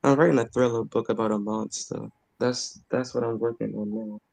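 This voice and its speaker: A young man reads his own poems aloud to a friendly chat-show audience. His voice has a gravelly fry at mid pitch, and the sound is dry and close. He stumbles now and then, repeating his words. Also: fairly even intonation, moderate pace, a little mellow, dry recording. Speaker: guest poet.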